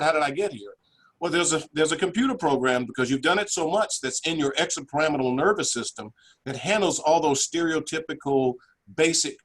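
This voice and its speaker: A man's voice: fairly high pitch, husky. A man giving a lecture presentation with slides, earnest and conversational, often restarting phrases. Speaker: physician and guest lecturer.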